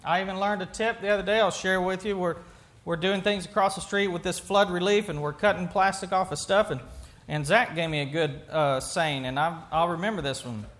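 A man's voice: high-pitched, brisk, a bit bright. A male pastor giving a sermon in a conversational way, asking the congregation questions and often restarting his sentences.

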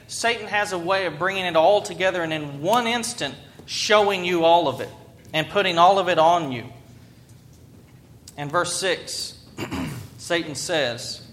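High-voiced male pastor preaching. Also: pushed and bright, a little hiss or hum. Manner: conversational, asks the congregation questions. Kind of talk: sermon.

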